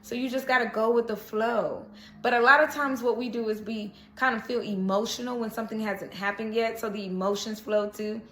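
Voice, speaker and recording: A woman talks through a casual tarot reading in a bright, slightly high voice. She speaks in a chatty, reassuring way and keeps checking in with the listener. The room around her is echoey. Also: fairly even intonation, a little fast, a little hiss or hum. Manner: chatty, reassuring, frequent "okay?" check-ins. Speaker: tarot reader. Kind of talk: casual spiritual reading to camera.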